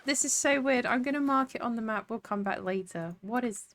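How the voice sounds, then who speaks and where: A woman's voice: on the high side, brisk, fairly bright tone, slight background noise. A woman streaming a video game, chatting in a playful, sweary way as she plays. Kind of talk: casual gameplay commentary.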